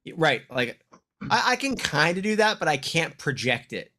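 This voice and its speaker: A man's voice: on the high side, big pitch swings, normal speed, pushed and bright. Nasal-voiced man in casual chat. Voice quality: slightly nasal. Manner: rambling, many fillers and restarts. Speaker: podcast co-host.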